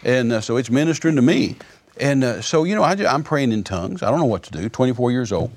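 Male guest, testimony storyteller, fast and gravelly delivery, animated. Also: mid-range voice. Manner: animated, repeats words, chuckles while telling.

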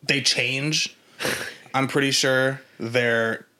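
A man's voice: medium pitch, steady tone, very slow, sharp tone. Podcast co-host, man, blunt and wry, swears freely. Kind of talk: casual chat.

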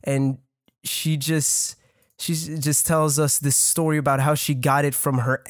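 A man's voice: a little high, flat delivery, unhurried, no echo, studio quality. Young French-accented man rambling a story. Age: young adult. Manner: rambling, swearing, laughing, restarts. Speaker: storyteller guest. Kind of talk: casual storytelling.

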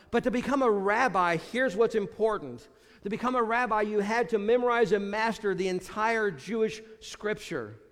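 A man preaching a sermon as pastor, often dropping low and quiet to stress a point. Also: long reverb tail.

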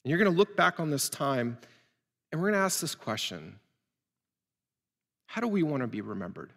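A man's voice: fairly high pitch, very animated, normal speed, fairly bright tone. A male pastor preaching an earnest sermon to people watching at home, telling stories and building to fervent appeals. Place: church building. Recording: long reverb of a large church.

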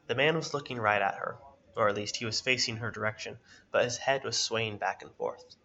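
Bright-voiced man reading a story. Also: on the low side, a little fast, creaky, highs cut off, a little hiss or hum. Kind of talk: reading a fantasy story aloud.

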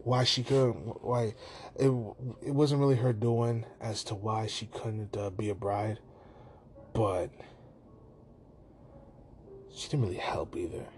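A man casually and profanely retelling a movie scene on his podcast, slipping into quick put-on voices for the characters. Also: on the low side, steady tone, a little hiss or hum. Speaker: podcast host.

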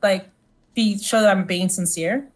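A woman's voice: mid-range voice, measured pace. A woman playing a tabletop game in character, eager and gushing, tripping over her words. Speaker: player.

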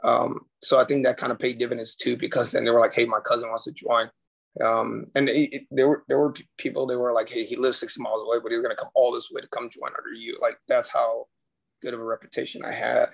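A man's voice: mid-range voice, little pitch movement, fast, vocal fry, husky. A man telling his story as a podcast guest, earnestly and casually, with frequent restarts. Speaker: podcast guest, former Marine recruiter.

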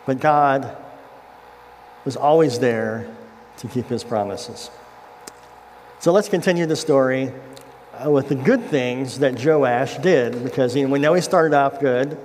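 Speaking a bit slowly with long pauses, this male pastor has a medium-pitched, somewhat dark voice. In a church sanctuary, he delivers a casual sermon, putting a scripture story into everyday words and engaging the congregation. The hall echoes, with faint ambience and a little background noise.

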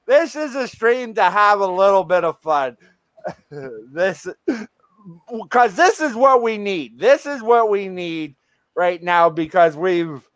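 A man hosting a casual live stream, excitable and laughing often as he reads out odd news. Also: sits high, slow, smooth, no room sound. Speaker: streamer host.

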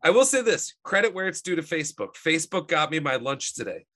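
A man with a bright, forceful voice rants his way through casual podcast banter. He swears freely and tells animated stories, building up to exasperated outbursts. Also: a little high, fairly quick. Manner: profane, ranting, animated storytelling. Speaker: podcast co-host. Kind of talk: casual comedic chat.

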